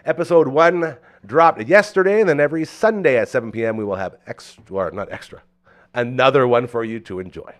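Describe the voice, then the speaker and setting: Animated teasing male podcast host. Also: medium pitch, fast. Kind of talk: casual banter.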